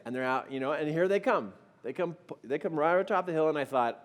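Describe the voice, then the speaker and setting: Animated man telling a story in a hall. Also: fairly high pitch, quick pace, hardly any pauses. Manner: animated, humorous, self-mocking. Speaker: speaker telling a personal story. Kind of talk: storytelling talk to an audience.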